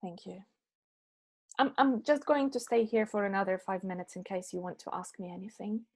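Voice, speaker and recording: A woman with a mid-range voice speaks at a moderate pace, her tone slightly mellow with a breathy edge. She's an English teacher fielding chat questions after an online lesson, talking into a meeting microphone. Patient throughout, she checks that her answers land with little "yeah?" and "okay?" prompts.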